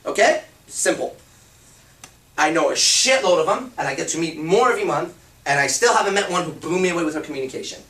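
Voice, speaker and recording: A man giving a blunt, profane and animated seminar talk as a dating and confidence coach. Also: fairly high pitch, fairly quick, echoey room, distant mic. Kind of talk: seminar talk to a live group.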